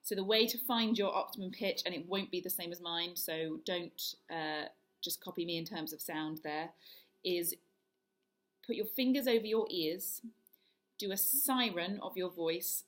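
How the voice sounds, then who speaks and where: A woman voice coach leading a guided vocal warm-up, talking through each exercise step by step. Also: on the low side, unhurried. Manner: demonstrates yawns, hisses, hums and sirens; instructive, step-by-step.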